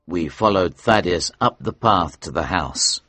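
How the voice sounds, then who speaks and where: A man reading a story aloud for English learners, slow, clear and expressive. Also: sits low, no echo.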